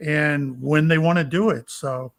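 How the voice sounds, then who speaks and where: An older man from Florida, a psychic medium and retired police officer, telling stories in a halting, rambling way with many fillers. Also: a little high, fairly even intonation, creaky. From Florida, USA. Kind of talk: casual storytelling interview.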